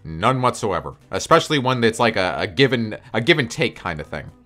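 Fast, profane male storyteller. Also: fairly low pitch, very animated, bright, forceful tone, soft background music. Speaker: video creator. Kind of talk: story-time vlog.

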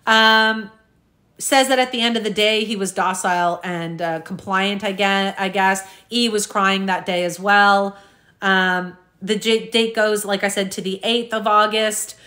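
A woman's voice: mid-range voice, fairly even intonation, a little slow, pushed and bright. A woman hosting a true crime recap, reading journal entries aloud in a casual way with frequent ums and self-corrections, talking straight to her viewers. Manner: addresses viewers directly as "you guys".

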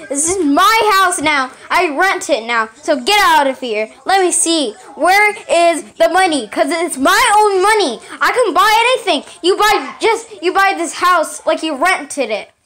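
High-voiced woman acting out a homemade cartoon. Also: fairly bright tone. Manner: playful, bickering back and forth between characters.

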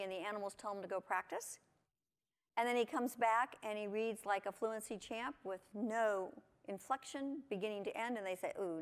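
A woman giving a lively conference talk to teachers, asking her audience lots of questions. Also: a little high. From United States. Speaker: conference presenter. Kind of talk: lecture to teachers. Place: conference hall.

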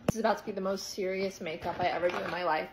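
A woman in her twenties telling a casual storytime vlog, chatty and self-deprecating, with quick asides. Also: on the low side, steady tone, a little hiss or hum, low-quality recording. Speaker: TikTok storyteller. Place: parked car in the rain. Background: faint rain ambience.

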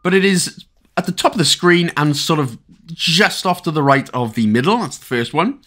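A man's voice: a little high, animated, moderate pace, a bit bright. A Welsh man giving a chatty, casual game walkthrough, full of rambling asides and jokes. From Wales. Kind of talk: casual gameplay commentary.

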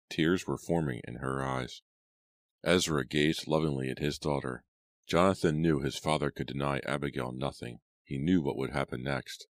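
एक आदमी, बहुत गहरी आवाज़ में ऑडियोबुक सुनाता हुआ, सूखी, बिना गूँज की रिकॉर्डिंग।. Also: male voice, rumbling low, no echo, studio quality. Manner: steady, measured storytelling. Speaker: audiobook narrator. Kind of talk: scripted narration.

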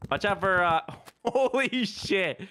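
A man's voice: sits high, expressive, slow pace, sharp tone, slight background noise. A man playing a co-op game with a friend, chatting casually and laughing often. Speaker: co-op gaming partner. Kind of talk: casual gameplay chat.

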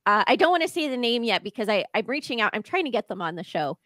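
A woman's voice: on the high side, big pitch swings, quick pace, a bit bright, dry recording, clean studio sound. Bubbly American woman hosting a podcast. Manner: bubbly, gushing, laughs often. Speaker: podcast host. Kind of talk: casual interview chat.

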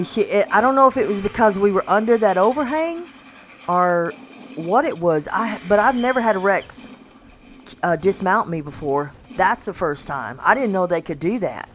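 A gaming channel host, a woman with a mid-range voice, gives casual, chatty commentary on her gameplay. She talks to the creatures on screen and laughs a lot. There is a little hiss or hum in the recording.

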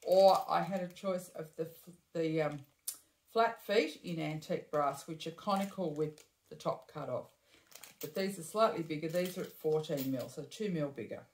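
A woman with a slightly low voice walks through a bag-sewing step in a casual, chatty way, often breaking off to correct herself or add an aside. Her voice carries an echo from the room she is in. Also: normal speed, a little mellow. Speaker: bag-making tutor. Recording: echoey room.

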